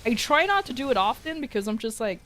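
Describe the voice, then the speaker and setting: A woman's voice: a little high, sing-song, fast talker, a bit bright. A woman with an American accent chatting casually on a stream, rambling through a story, swearing freely and laughing often. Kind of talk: casual chat.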